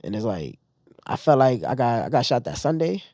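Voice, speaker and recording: Animated New man telling a story. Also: mid-range voice, moderate pace, dry recording, studio quality. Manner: animated retelling, acting out others' lines. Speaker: podcast guest. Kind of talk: casual storytelling.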